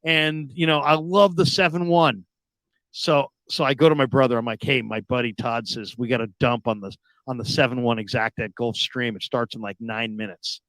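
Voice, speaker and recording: A radio host telling a long story in casual chat, acting out the people in it with loud, high outbursts. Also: male voice, a little fast, dry recording. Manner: animated, acts out quoted people with sudden loud high outbursts.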